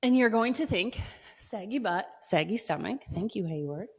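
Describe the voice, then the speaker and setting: A woman wellness coach leading stretches and guided breathing, playful and upbeat at first, then slow and soothing. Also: mid-range voice, lively intonation, slightly rough, no echo, clean studio sound. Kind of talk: exercise and guided breathing instruction.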